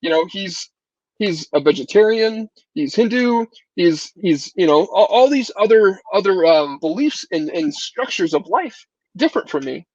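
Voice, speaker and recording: High voiced guy thinking out loud as a podcast guest, muffled dry audio. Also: expressive, normal speed, no room sound. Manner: reflective, repeats words as he thinks. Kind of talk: casual conversation.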